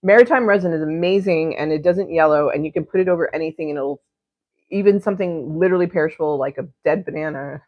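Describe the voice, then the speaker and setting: A young woman in a loose, rambling livestream chat, her voice sitting low for a woman. She giggles and swears her way from topic to topic while painting. The sound is dry and a little dull, with no room around it. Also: quick pace, no echo. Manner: rambling, giggly and crude, jumps between topics. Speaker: art livestream host.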